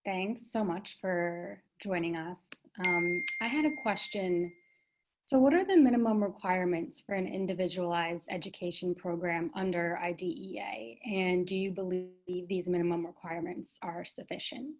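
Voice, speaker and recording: A woman's voice: on the low side, normal speed, low-quality recording. Woman moderator asking a question. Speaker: panel moderator.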